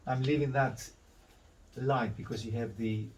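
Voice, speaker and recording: A man's voice: mid-range voice, steady tone, unhurried, recorded from a distance, slight background noise, poor audio. A man teaching a drawing demonstration, talking through each step and correcting himself as he goes. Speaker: art instructor.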